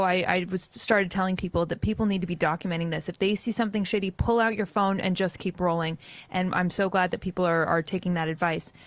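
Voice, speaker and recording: Hurried earnest female guest. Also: mid-range voice, dry recording. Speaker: show guest. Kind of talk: quick news update.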